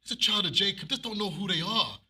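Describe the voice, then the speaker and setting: A man preaching an animated sermon and reading scripture aloud, with emphatic repeated phrases. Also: high voice, fast talker, breathy edge.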